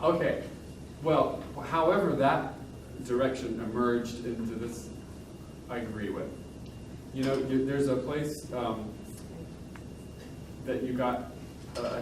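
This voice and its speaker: A man with a mid-range voice speaks slowly as he coaches a pianist in a master class, offering encouragement and demonstrating at the piano while talking. The distant mic in the piano room gives a roomy sound with loud piano and a noisy background.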